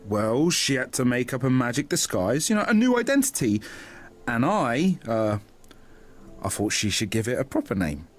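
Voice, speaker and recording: A man's voice: medium pitch, sing-song, moderate pace, close to an everyday voice. An actor playing a shy, lovestruck young man who stammers nervously in voiced game dialogue. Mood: bashful. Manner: stammering, flustered.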